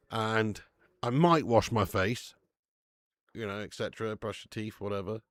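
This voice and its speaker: A man hosting a live football watch-along stream, chatting casually, swearing freely and loudly hyping up viewers who tip. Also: lowish voice, dry recording, studio quality. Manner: casual and sweary, with loud bursts of hype thanking viewers.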